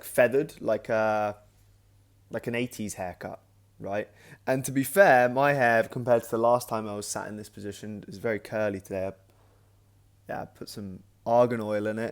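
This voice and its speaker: A man in the middle of a casual vlog story, talking at a middle pitch. He loops back on himself with restarts and filler words. He livens up whenever he acts out what he said at the time. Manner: animated anecdote, acting out his own past remarks; loose, with frequent restarts and "like". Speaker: creator and host of his own channel.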